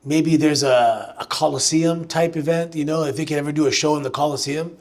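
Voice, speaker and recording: A man's voice: fairly high pitch, fairly quick. Chatty man telling stories. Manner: animated, chatty storyteller who restarts sentences. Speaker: guest at live fan Q&A. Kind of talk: live on-stage storytelling Q&A. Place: live show venue with audience.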